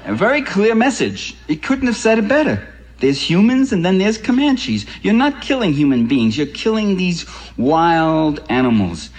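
A man's voice: on the high side, very animated, moderate pace, breathy edge, rough recording. A man giving a public lecture in an impassioned, ironic way, building emphasis on key points.

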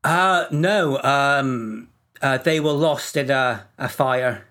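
Deadpan man telling odd facts. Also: mid-range voice, slow. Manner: dry, deadpan delivery. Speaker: podcast co-host presenting facts. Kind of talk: casual comedic podcast chat.

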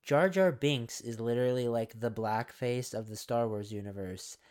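A man co-hosting a casual podcast, animated and argumentative, often hedging his points. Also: mid-range voice, moderate pace, smooth. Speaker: podcast co-host. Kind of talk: casual chat.

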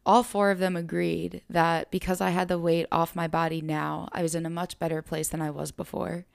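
A woman's voice: lowish voice, little pitch movement, moderate pace, vocal fry. A young adult woman hosting a podcast, telling a personal story in an earnest, reflective way and repeating phrases for emphasis. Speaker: podcast host.

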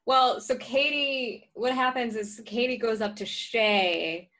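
A woman co-hosting a podcast in casual chat, wry and quick to mimic the people she talks about. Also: fairly high pitch, fairly bright tone. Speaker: podcast co-host.

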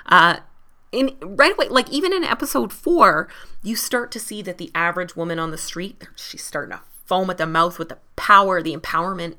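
A woman's voice: lowish voice, bright, forceful tone. A woman from southwestern Ontario hosting a podcast, ranting passionately and chattily with plenty of fillers. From southwestern Ontario, Canada. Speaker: podcast host. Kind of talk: casual ranting podcast monologue.

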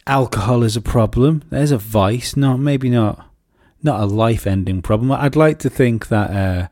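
A man, co-hosting a podcast and telling rambling, sweary stories in casual chat, often jumping into high mocking voices to quote people. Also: unhurried, mellow, no room sound, studio quality. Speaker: podcast co-host.

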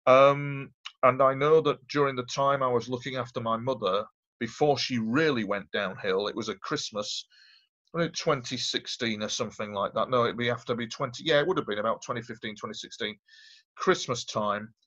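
A man in middle pitch tells his story as an interview guest, rambling and emphatic and circling back on his own words. The audio is dull and lo-fi, with the top end muffled. He talks casually, as if chatting with a mate. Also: normal speed, fairly bright tone. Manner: rambling, emphatic, repeats himself.

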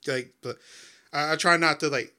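Bright-voiced American man, halting speech. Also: fairly high pitch, smooth. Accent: neutral American, Southern softened. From Southern United States. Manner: hesitant, stammering restarts. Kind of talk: casual chat.

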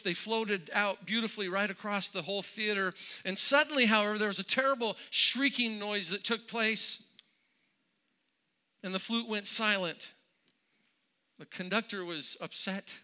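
Bright-voiced male pastor, high and lively. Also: clean tone. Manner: conversational storytelling with frequent repeated restarts. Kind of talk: sermon.

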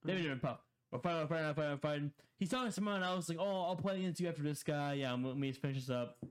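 A man's voice: fairly high pitch, very fast, clean tone. A young man co-hosting a casual podcast, telling a story in a rambling way with many repeated words and laughs. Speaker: podcast co-host.

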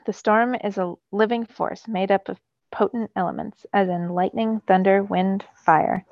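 A woman's voice: medium pitch, steady tone, unhurried, no room sound, muffled recording, lightly acted. A woman voicing an ancient, stern male storm god who speaks in a grave, commanding way.

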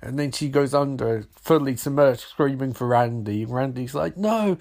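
A man's voice: mid-range voice, fairly even intonation, moderate pace, vocal fry, a little mellow. A man casually recapping a film in a rambling, wry and sarcastic way, swearing now and then. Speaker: film reviewer.

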